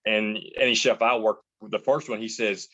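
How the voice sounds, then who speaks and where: A man's voice: lowish voice, steady tone, normal speed, fairly bright tone, dull audio. A man in an interview who rambles, restarts his sentences and tells anecdotes about working as a chef. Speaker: chef and entrepreneur. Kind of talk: casual interview answers.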